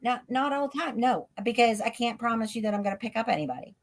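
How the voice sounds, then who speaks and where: A woman's voice: on the high side, fast talker. Chatty woman telling stories on a stream call. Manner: chatty, leans on filler "like"; laughs often while telling stories. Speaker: guest, ghost tour guide. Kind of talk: casual storytelling in an interview. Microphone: remote live stream call.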